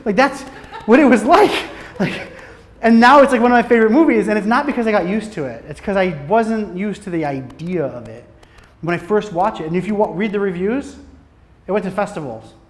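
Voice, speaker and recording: A man telling stories at a casual conference talk on filmmaking, animated, swearing freely and laughing as he goes. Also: high-pitched, a little fast. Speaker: guest speaker on filmmaking. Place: conference room. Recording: reverberant hall.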